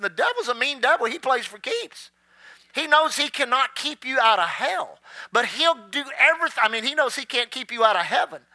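Very high, bright-voiced male preacher. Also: no room sound. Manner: storytelling preacher, drags words out slowly for emphasis. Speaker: pastor. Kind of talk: sermon.

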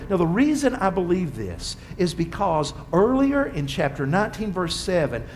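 A man preaching a sermon as pastor, swinging from strong emphasis to quiet asides. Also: high-pitched, a little hiss or hum.

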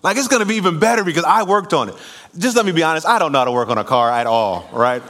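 A man preaching a sermon in church, telling a lively personal story with laughter before calling the congregation to respond. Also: on the high side, quick pace. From California. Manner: animated storytelling, laughing at himself, then preaching and calling for amens. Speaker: pastor. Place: church sanctuary.

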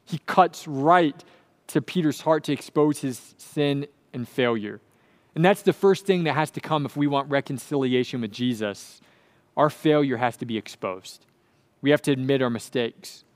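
A man's voice: mid-range voice, moderate pace. A man preaching a sermon, earnest and emphatic, repeating his key phrases. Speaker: pastor.

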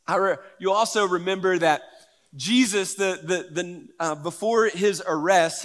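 A man with a high voice delivers a relaxed, chatty sermon. He tells it like a story to his congregation, with plenty of fillers and repeats. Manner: conversational and animated, with filler words and repeats. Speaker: pastor.

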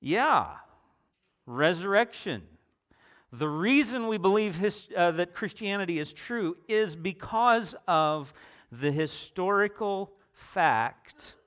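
Slow, deliberate male preacher. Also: a little high, expressive, a bit bright. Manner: slow, deliberate delivery with repetition for emphasis; conversational, with fillers and rhetorical questions. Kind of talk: sermon.

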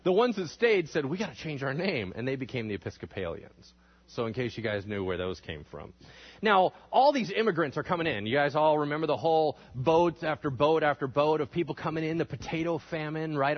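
A man teaching a history class in a lively lecture style, asking the class questions and acting out quotes in exaggerated voices. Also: fairly high pitch, lo-fi sound.

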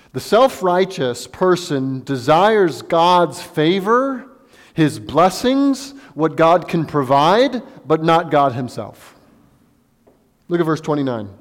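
A male pastor preaching a sermon in an earnest way, repeating phrases for emphasis. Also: fairly high pitch. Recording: long hall reverb.

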